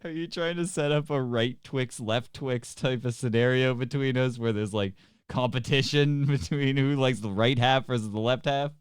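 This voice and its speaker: A man's voice: mid-range voice, normal speed, clear, resonant tone, no room sound. A man co-hosting a comedy podcast over a remote call, firing back dry, teasing comebacks. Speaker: podcast co-host. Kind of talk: casual comedic banter.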